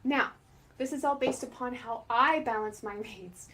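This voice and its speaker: A middle-aged woman with a slightly higher voice teaches oboe in a relaxed, chatty way. She talks to camera, corrects herself mid-sentence and laughs often as she explains. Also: a little slow. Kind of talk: instructional talk to camera.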